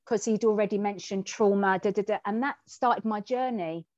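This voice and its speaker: A woman co-hosting a conversational podcast, telling a personal story in a candid, lively way and acting out the lines she quotes. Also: mid-range voice, normal speed, dry recording. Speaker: podcast co-host. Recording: dull, dry and muffled.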